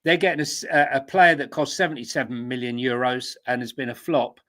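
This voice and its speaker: A man's voice: medium pitch, fairly quick, fairly bright tone. A man co-hosting a casual football podcast in a chatty, self-mocking way. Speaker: podcast co-host.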